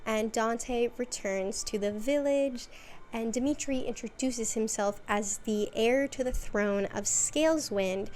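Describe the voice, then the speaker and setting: A woman with a fairly high voice talks through a long recap in a loose, chatty way, leaning on "like" and dropping wry asides as she goes. A faint hiss sits under her voice. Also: measured pace, darkish tone. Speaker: video essay host. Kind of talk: casual recap commentary.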